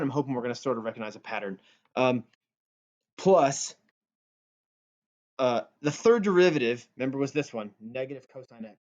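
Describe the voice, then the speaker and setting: A man's voice: medium pitch, darkish tone. A male math teacher giving a recorded calculus lesson in a playful, joking way. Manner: playful and goofy, jokes with students. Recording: dull lo-fi audio.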